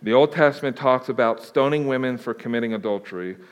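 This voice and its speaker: A man's voice: medium pitch, quick pace, clean tone. A man preaching a conversational sermon as a pastor, answering questions in an informal, plain-spoken way with joking asides. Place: church sanctuary. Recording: long reverb of a large hall.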